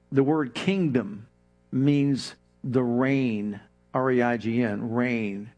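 A man preaching a sermon, emphatic, with dramatic pauses and prayers acted out in his own voice. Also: mid-range voice, steady tone, darkish tone. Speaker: pastor.

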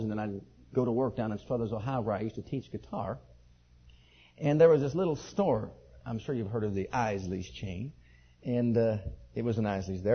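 A man preaching a sermon and telling his own testimony, leaping from high excited outbursts to low quiet asides. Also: husky. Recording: dull lo-fi sermon recording.

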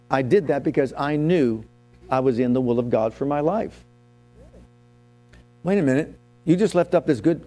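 A man's voice: on the high side, warm tone. A man preaching a sermon as pastor, telling his own story and asking the congregation questions.

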